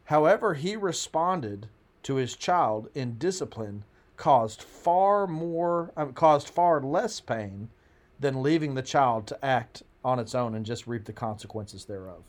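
A man co-hosting a faith podcast, his voice in a middle register. He reasons aloud, drifts into anecdotes, and fills his pauses with small hesitations. His tone stays steady and conversational. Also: mid-range voice. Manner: thoughtful, many fillers, storytelling. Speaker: podcast co-host. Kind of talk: casual religious podcast discussion.

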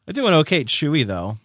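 A man's voice: a little high, wildly swooping pitch, moderate pace, noisy background. A man from Cleveland co-hosting a podcast, laid-back and agreeable, with a touch of vibrato in his voice. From Cleveland, Ohio. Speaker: podcast co-host. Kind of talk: casual chat.

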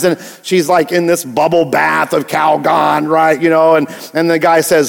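Male pastor, sermon, high voice, conversational and emphatic, echoing church hall. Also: steady tone, normal speed, vocal fry, hardly any pauses, soft background music. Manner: conversational, emphatic, repeats key words.

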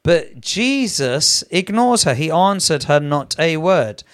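Slow-speaking preacher man. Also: on the high side, sing-song. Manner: reads scripture aloud, grows emphatic, prays in tongues. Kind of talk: live Bible teaching broadcast.

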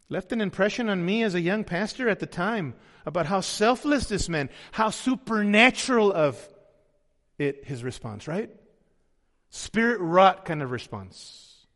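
A man's voice: high voice, fairly bright tone. A male pastor preaching a sermon, emphatic and often asking his audience questions. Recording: long hall reverb.

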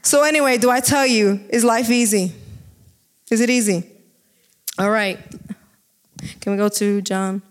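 Woman preaching casually to a group, gets all excited and emphatic, chatty testimony vibe. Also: a little high, unhurried, pauses often. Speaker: devotional speaker. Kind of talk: informal sermon with personal testimony.

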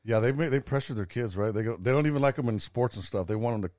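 Man, mid-pitched, fast earnest talker, dry close mic. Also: a little mellow, dry recording. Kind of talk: casual chat.

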